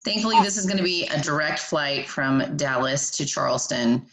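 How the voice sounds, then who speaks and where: Woman, low voice, wry and teasing, casual wine chat with friends. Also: expressive, normal speed, fairly bright tone, a little hiss or hum, poor audio. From United States. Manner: wry, teasing, reads wine labels aloud. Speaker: wine club co-host. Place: home, three friends chatting.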